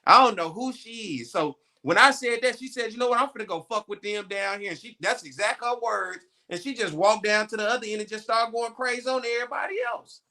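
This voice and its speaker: A man talks in easy, slangy chat, spinning stories at his own pace. His voice sits high and rings bright. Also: fairly quick, hardly any pauses. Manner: slangy, laid-back storytelling. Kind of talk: casual chat.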